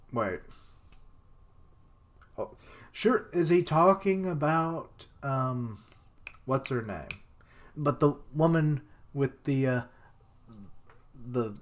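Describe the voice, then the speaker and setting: A young man streaming a live reaction to a manga chapter, thinking aloud with rambling fillers and sudden outbursts. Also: mid-range voice. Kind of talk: live reaction, casual commentary.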